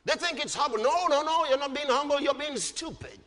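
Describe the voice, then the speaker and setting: A man preaching a sermon emphatically, often rising to shouts and dropping low on repeated refrains. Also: a little fast. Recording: long hall reverb.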